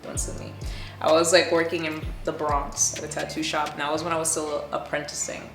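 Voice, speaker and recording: A woman tattoo artist chatting as a guest, telling stories in a blunt, animated way with plenty of swearing. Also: sits low, fairly quick. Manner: animated, blunt and profane, laughs often. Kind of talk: casual storytelling chat. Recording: roomy echo with faint music.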